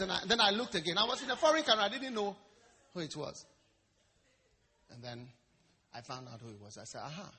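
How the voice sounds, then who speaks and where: A man preaching a sermon in a lively, storytelling way, acting out quotes and jokes. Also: high-pitched, slightly rough. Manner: animated, storytelling with acted quotes and stammering imitations. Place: church service hall. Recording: long reverb of a large hall.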